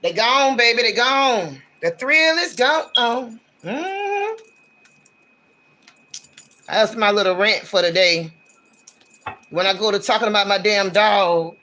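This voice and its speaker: A man's voice: high voice, slow, long pauses, pushed and bright. A man giving a casual livestream tarot reading, talking in a blunt, slangy, ranting way. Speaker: tarot reader.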